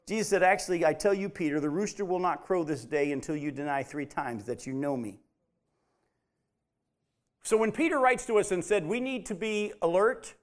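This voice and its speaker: Man, Bible study teacher, high voice, emphatic, asks questions, repeats points.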